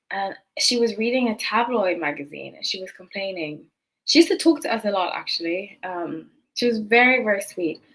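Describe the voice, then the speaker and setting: A woman's voice: mid-range voice, a bit bright, poor audio. A woman hosting a tarot channel, telling a personal story to camera in a casual, rambling way, full of asides and self-corrections. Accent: non-local accent noticed by others.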